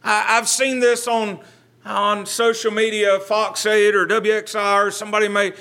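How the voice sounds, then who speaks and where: Pastor guy doing bible study, bright highish voice, takes his time, kinda repeats himself. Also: level tone, measured pace. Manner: earnest, conversational, repeats words as he thinks.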